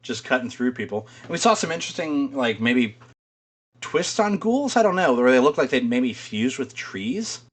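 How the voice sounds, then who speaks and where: A man's voice: medium pitch, big pitch swings, normal speed. A man co-hosting a podcast in casual chat, rambling, swearing freely and laughing often. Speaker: podcast co-host.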